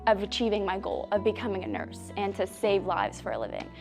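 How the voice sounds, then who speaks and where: A young adult woman, a high school student telling her story in an interview and acting out quoted voices. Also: brisk, music in the background. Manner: animated, acts out quoted voices.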